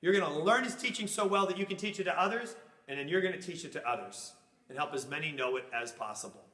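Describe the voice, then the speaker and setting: Man, Bible class teacher, high bright voice, animated, echoey classroom. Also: quick pace. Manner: animated, acts out little scenes with funny voices.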